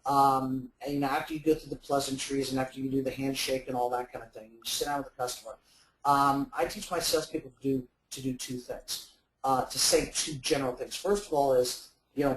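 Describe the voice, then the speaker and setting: A man's voice: mid-range voice, fairly even intonation, a little fast, roomy sound, a little hiss or hum, rough recording. A man giving sales advice as a webinar guest, talking in a rambling way with many fillers and restarts. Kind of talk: webinar talk.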